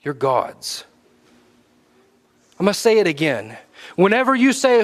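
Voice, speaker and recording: Male preacher, high voice, rising exhortation with hushed asides. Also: sing-song, a little slow. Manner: swings between loud exhortation and low, dropped asides. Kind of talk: sermon.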